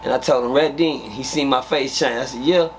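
A man with a Texas accent telling profane, animated prison stories in a casual interview, acting out scenes with sound effects. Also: mid-range voice, a little fast, a little hiss or hum.

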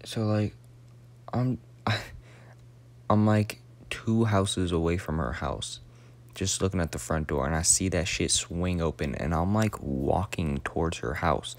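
A man's voice: deep voice, slow. A young man in his late teens telling a rambling, profane story in a casual, slangy way, sometimes dropping to a whisper.

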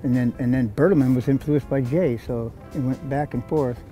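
A man calmly recalling a friend's surfing in a documentary interview. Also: mid-range voice, normal speed, soft background music, rough recording.

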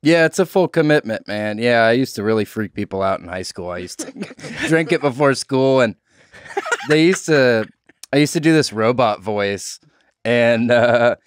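A man's voice: medium pitch, animated, moderate pace, smooth, no echo, studio quality. A man, a comedian guest, chatting casually on a podcast in a rambling, laid-back way and laughing often.

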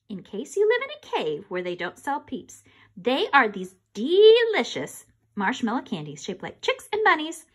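A woman reading a children's chapter book aloud. Her voice sits high and bounces with lively, expressive swings. She reads with animated storytelling energy. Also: moderate pace, slightly rough. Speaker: reader.

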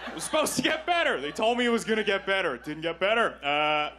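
A man's voice: sits high, animated, pushed and bright. Self-mocking young man doing stand-up. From Canada. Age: 20s. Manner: self-deprecating, acts out quick voices for the people in his stories. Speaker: stand-up comedian. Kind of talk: stand-up comedy set. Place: comedy club stage.

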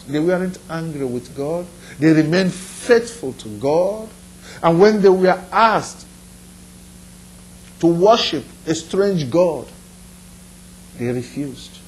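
A man's voice: fairly high pitch, darkish tone, a little hiss or hum, poor audio. A man pastor preaching a sermon in an earnest, repetitive style, putting direct questions to his listeners.

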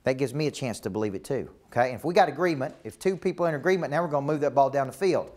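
A business coach speaks rapid-fire in an animated, medium-pitched, slightly mellow voice with a Southern US accent. During his live coaching seminar he is emphatic and repetitive, and he keeps checking that the room follows him.

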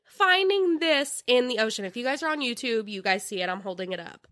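A woman co-hosting a casual true-crime podcast, telling stories in an animated, giggly way. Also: medium pitch, quick pace. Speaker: podcast co-host.

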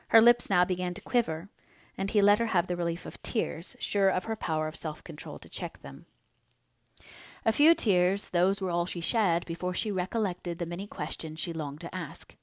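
A woman narrating a classic novel aloud in a measured, expressive storytelling manner. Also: fairly low pitch, dry recording, clean studio sound. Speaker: audiobook narrator.

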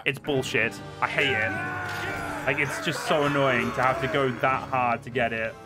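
A man streaming a game, chatting casually and swearing often, with sudden loud outbursts. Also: mid-range voice, steady tone, unhurried, loud music behind the voice. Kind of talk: casual gameplay commentary. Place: home, seated at a desk.

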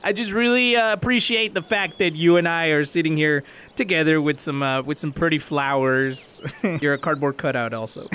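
A man playing a VR dating game, joking loudly, laughing and teasing his date. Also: a little high, animated, moderate pace, faint music behind. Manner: goofy, loud, laughing, playful mock flirting. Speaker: VR gaming YouTuber. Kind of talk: comedic gaming commentary.

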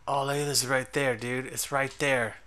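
A middle-aged man hosting a casual let's-play with his kid, excitable and slangy, laughing often. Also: medium pitch, unhurried, a little hiss or hum. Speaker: gaming channel host and father.

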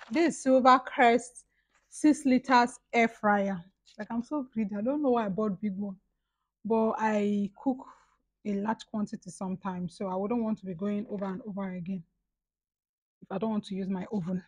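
A woman's voice: medium pitch, rough recording. A young woman with a Nigerian accent, chatting casually and gushing over her purchases in an unboxing vlog. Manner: gushing, excitable. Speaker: vlogger.

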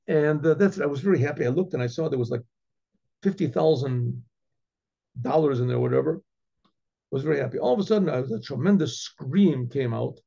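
A rabbi tells a story, rambling along with restarts and throat clearing. His voice is gravelly and husky, fairly high for a man. The recording sounds dull and lo-fi. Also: lively intonation, fairly quick, pauses often, warm tone. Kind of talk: storytelling lecture.

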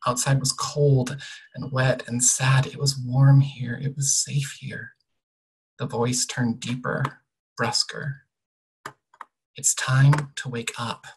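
A young adult author quietly reading an excerpt from their own novel, measured and soft, often trailing off at the ends of sentences. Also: medium pitch, flat delivery, slight background noise, rough recording.

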